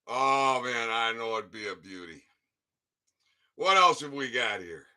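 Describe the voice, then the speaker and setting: A man from Michigan reading a news article aloud and breaking into profane, angry commentary, dropping from low muttering to shouting. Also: expressive, a little slow. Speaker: online commentator.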